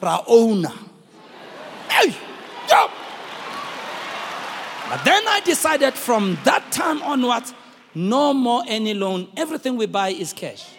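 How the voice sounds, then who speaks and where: A middle-aged man with a South African accent preaching a sermon, telling a story and calling out to the congregation in shouted, sung-out bursts. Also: extremely high pitch, big pitch swings, slow pace, pauses often, in a large hall, some chatter behind, a little hiss or hum. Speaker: pastor.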